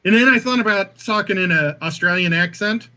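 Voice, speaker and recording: A man's voice: high-pitched, a little fast, sharp tone. A man co-hosting a casual livestream, joking around and laughing often. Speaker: co-host.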